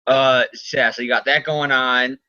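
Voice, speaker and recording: A man's voice: medium pitch, fairly even intonation, unhurried, sharp tone, no room sound, muffled recording. A man co-hosting a casual comic book talk show, rambling and laughing often as he acts out characters. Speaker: podcast co-host.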